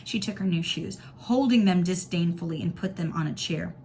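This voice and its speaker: A woman's voice: lowish voice, normal speed, slight background noise. Woman teacher reading a novel aloud. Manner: clear, steady storytelling.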